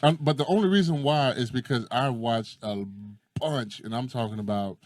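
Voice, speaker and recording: Animated storytelling man, dry sound. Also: mid-range voice, moderate pace, no room sound. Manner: animated storyteller who acts out quotes and swears freely. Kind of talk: casual chat.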